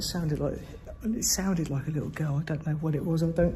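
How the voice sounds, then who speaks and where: A man's voice: a little high, brisk, few pauses, background noise. A man exploring an abandoned building alone at night, whispering his fear and swearing often into a handheld camera. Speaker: solo paranormal explorer.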